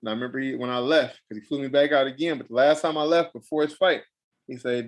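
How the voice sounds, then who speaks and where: A young adult man, a pro fighter, telling a story in a casual interview, animated and emphatic, repeating phrases for effect. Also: mid-range voice, fast talker.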